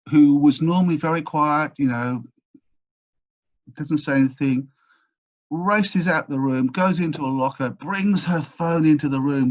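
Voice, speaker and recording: A man's voice: mid-range voice, a little mellow, dull audio. A man as an interview guest, telling a long anecdote with energy, often restarting his sentences. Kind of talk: storytelling in a podcast interview.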